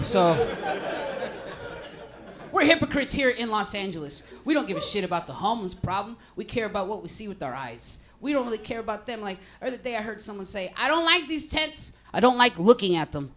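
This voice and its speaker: A young man doing a rambling stand-up set in a comedy club, deadpan and crude, high on edibles. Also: fairly quick, crowd noise.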